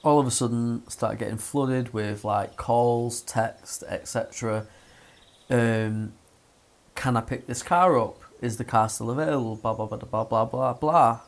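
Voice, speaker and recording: A young man, telling a story in casual chat, sweary and animated. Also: medium pitch, a little slow. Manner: sweary, animated, acts out voices in his stories.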